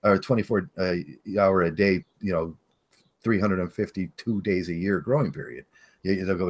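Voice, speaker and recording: A man's voice: deep voice, moderate pace. A man chatting casually in a group talk, rambling and swearing with frequent laughs. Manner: profane, rambling, laughs often.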